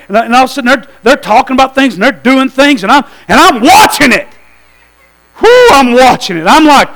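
A man preaching a sermon to a church, telling a story with lively asides and calls to the congregation. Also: very high voice, fairly quick, rough recording. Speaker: pastor.

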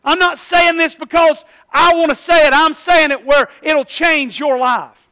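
A middle-aged man from Tennessee, preaching a sermon as pastor, building from quiet talk to loud, emphatic calls. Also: extremely high pitch, steady tone, unhurried.

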